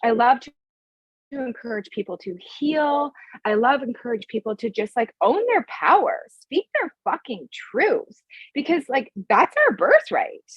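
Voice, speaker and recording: A woman with a husky, slightly raised voice talks as a podcast guest, frank and emphatic and cursing without a second thought. The sound is dry and a little dull, as from a modest lo-fi recording. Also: fairly high pitch, big pitch swings, unhurried, dry recording. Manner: frank and emphatic, swears freely. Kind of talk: casual podcast conversation.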